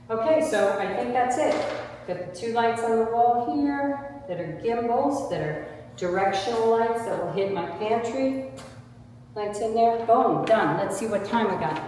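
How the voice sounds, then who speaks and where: A woman's voice: fairly high pitch, unhurried, a little mellow, big-room sound, slight background noise. A woman interior designer walking through a kitchen under renovation, explaining her lighting plan in a practical, reassuring way and thinking aloud as she counts fixtures. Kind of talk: casual on-site walkthrough tutorial.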